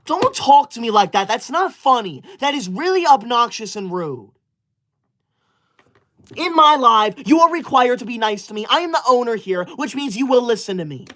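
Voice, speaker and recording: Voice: mid-range voice, animated, moderate pace, a bit bright, close to an everyday voice. Someone playing a prim, bossy school-obsessed streamer. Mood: scolding. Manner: indignant, scolding, self-important. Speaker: livestream host reading super chats. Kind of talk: comedic character livestream.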